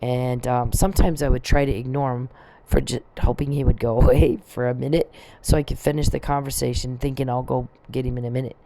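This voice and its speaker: A woman's voice: a bass voice, flat delivery, fairly quick, gravelly, mellow. A middle-aged woman in a casual monologue, agitated, swearing and rambling as she vents. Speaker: vlogger.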